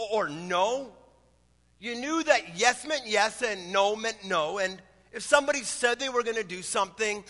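A man's voice: sits high, sharp tone, big-room sound. A man in his thirties, a pastor preaching a sermon in a conversational, storytelling way. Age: 30s.

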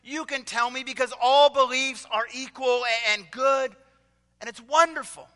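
A man voicing a big, burly, jovial male pastor who talks in an effusive, booming way, with long reverb around him. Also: moderate pace, sharp tone.

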